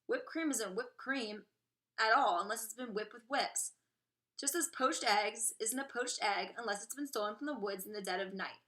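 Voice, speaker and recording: A woman voicing an excitable, eccentric male candy maker who gives brisk, theatrical orders while reading a storybook aloud. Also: fairly high pitch. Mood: brisk commanding.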